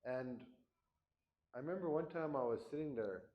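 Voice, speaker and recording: A man's voice: mid-range voice, expressive, normal speed, lo-fi sound. A middle-aged man from Canada, plain-spoken and candid, telling a personal story to an audience. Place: event hall.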